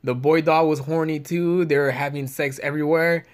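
A man's voice: a little high, fairly even intonation, normal speed. A young man co-hosting a casual chat show, rambling and joking with lots of swearing. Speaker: podcast co-host.

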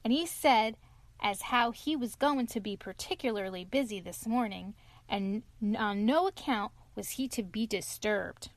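A woman's voice: medium pitch, measured pace, dry recording, close to an everyday voice. Woman voicing a humble young hedgehog servant. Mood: respectful. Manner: deferential, rustic turns of phrase. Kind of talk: storybook reading.

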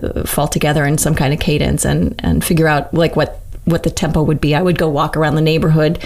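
A woman's voice: low voice, level tone, fast, a little mellow. A woman singer-songwriter in a casual interview, talking through her craft candidly, swearing freely and laughing often. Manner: candid and profane, laughs often, talks through ideas aloud.

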